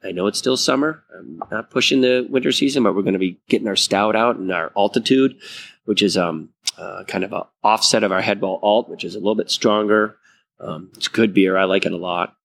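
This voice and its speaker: A man appearing as a podcast guest for his brewery, speaking in a low, gravelly voice. He talks in a relaxed, easygoing way and often pauses on fillers. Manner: easygoing, hesitant. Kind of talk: casual interview chat.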